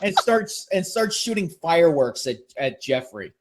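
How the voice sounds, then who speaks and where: Animated high-voiced young man. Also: unhurried, a little hiss or hum. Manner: excited, acts out quotes. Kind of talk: animated casual storytelling.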